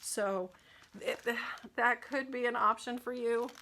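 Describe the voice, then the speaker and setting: A woman's voice: fairly high pitch, fairly even intonation, takes it slowly, pushed and bright. A woman hosting a casual nail care livestream, chatting loosely and reading out viewer questions with many fillers and restarts.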